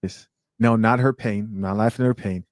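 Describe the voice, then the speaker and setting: A man's voice: fairly low pitch, steady tone, a little fast, no room sound. A man giving commentary in a pointed, lecturing way.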